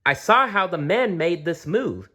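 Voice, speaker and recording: A man's voice: high-pitched, lively intonation, a little slow, bright, forceful tone, voice pushed up, heavily acted. A man voicing an eager young male koala in a children's storybook. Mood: urgent.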